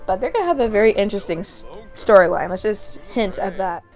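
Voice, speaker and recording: A woman's voice: medium pitch, big pitch swings, quick pace. A young woman hosting a gaming channel, chatting through a let's play with frequent giggles and asides. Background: faint background music.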